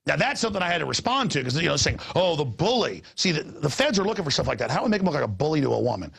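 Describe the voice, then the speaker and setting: A middle-aged man hosting a talk show, rambling in an animated way and repeating his words, with a gravelly voice. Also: rapid-fire. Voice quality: gravelly, husky voice. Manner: excitable, repeats words, jumps between pitches.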